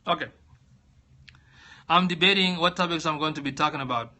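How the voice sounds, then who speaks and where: A man's voice: on the high side, a little fast, pauses often, pushed and bright, a little hiss or hum. A man hosting a casual live stream, rambling and thinking aloud as he searches, reading out viewer comments and answering them. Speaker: livestream host.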